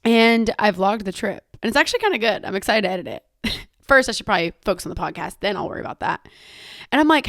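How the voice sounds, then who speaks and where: A woman's voice: mid-range voice, expressive, fast talker, a bit bright, no echo, clean studio sound. A young woman hosting her own podcast in casual chat, self-mocking, swearing casually and hopping from one topic to the next. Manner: chatty, self-mocking, jumps between topics; swears casually and laughs often. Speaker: podcast host.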